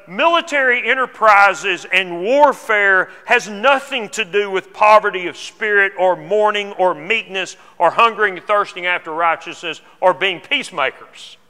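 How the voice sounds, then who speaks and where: Bright-voiced preacher man in a reverberant church. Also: high voice. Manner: earnest, repeats words when restarting. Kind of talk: sermon. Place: church auditorium. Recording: long hall reverb.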